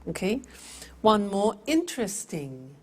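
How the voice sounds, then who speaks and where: A woman teaching English vocabulary in a scripted lesson, speaking deliberately and repeating words for pronunciation. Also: medium pitch, big pitch swings, breathy edge.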